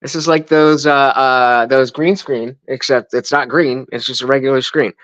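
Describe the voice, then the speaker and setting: A man's voice: medium pitch, steady tone, moderate pace, a bit bright, no room sound, dull audio. Rambling young man streaming casually. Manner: rambling, self-interrupting, jokey. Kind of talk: casual live-stream chat. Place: at home indoors. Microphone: desk microphone.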